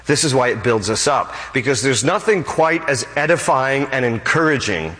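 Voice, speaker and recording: Man, pastor, sermon, emphatic preaching, bright forceful tone, long reverb. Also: very animated, moderate pace, hardly any pauses. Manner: emphatic preaching, rising to high exclamations.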